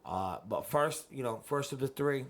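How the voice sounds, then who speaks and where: A man's voice: mid-range voice, moderate pace. Rowdy, profane male podcast host. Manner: loud, profane, rambling and excitable. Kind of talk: casual podcast banter.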